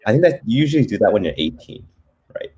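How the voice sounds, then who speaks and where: A man's voice: lowish voice, big pitch swings, a little mellow, husky. A seventeen-year-old man from Canada, a startup founder explaining his project in a casual interview, eager and full of "like" and "um". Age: teens, seventeen. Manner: quick, eager, laughs easily, uses "like" and "um".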